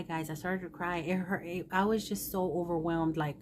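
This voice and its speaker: A middle-aged woman with a somewhat low voice tells her followers a personal story. She rambles and circles back, candid and emotional. A faint background noise hums under her words. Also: steady tone, a little fast, few pauses. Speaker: vlogger.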